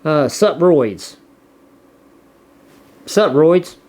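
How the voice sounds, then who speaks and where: A man's voice: a little high, animated, extremely slow, darkish tone. A man with a Southern US accent chatting casually as a vlogger, rambling and repeating words as he reads viewer comments. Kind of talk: casual chat.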